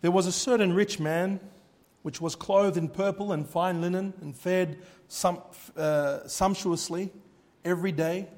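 Male preacher, high-pitched, fervent sermon delivery, hushed-to-loud swings. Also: steady tone, measured pace. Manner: reads scripture in old-fashioned wording.

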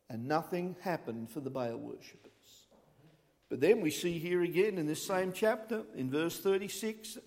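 A man's voice: a little high, moderate pace, darkish tone, long reverb tail. A man preaching a sermon, emphatic, reading scripture aloud in old-fashioned wording.

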